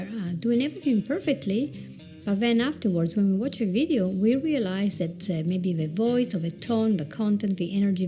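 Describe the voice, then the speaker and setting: Warm woman chatting advice to camera, repeats words as she goes, soft music underneath. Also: medium pitch. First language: Italian. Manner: chatty, self-mocking, repeats words while thinking. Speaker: video presentation coach. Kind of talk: conversational advice talk.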